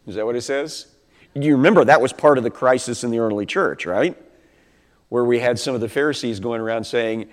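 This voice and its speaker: A man's voice: mid-range voice, moderate pace. A man preaching a Bible teaching sermon in a conversational way, asking rhetorical questions and acting out quotes. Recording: long hall reverb.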